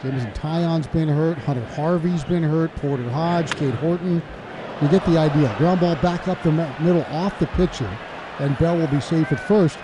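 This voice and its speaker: A man calling a baseball game play-by-play, chatty and laughing between pitches. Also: moderate pace, noisy background. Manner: chatty, laughs between calls, gets loud and excited on big plays. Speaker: play-by-play announcer.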